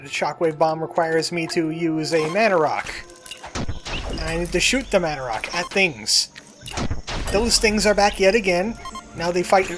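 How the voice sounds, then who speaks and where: A man narrating his own game run in a chatty, self-mocking way, his voice sitting a little higher than most men's. Game music plays clearly underneath him throughout. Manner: self-deprecating, chatty, jokey. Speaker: let's play gamer. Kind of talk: casual gameplay commentary.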